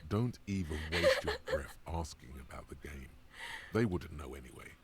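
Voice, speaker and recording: A man voicing a gruff inner voice in a video game, speaking bluntly and commandingly. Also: a bass voice, animated, normal speed, noisy background.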